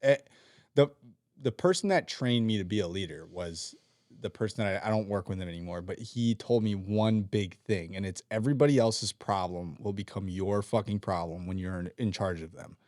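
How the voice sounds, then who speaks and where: A man's voice: lowish voice, moderate pace, a little mellow, dry recording, studio quality. Profane ranting man on a podcast. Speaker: podcast co-host; team leader at work. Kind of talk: casual chat.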